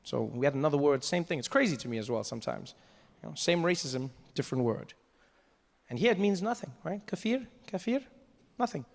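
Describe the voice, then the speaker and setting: A man from South Africa doing stand-up comedy on a theater stage with a handheld mic, telling stories in a conversational, animated way. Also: fairly high pitch, brisk, gravelly. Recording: long reverb of a live theater with faint noise.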